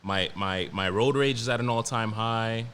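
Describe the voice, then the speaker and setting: A man's voice: on the low side, normal speed, a bit bright, a little hiss or hum. Profane, emphatic New man ranting. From New York. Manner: profane, emphatic, repeats himself and restarts a lot. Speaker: podcast host. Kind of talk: casual solo podcast rant.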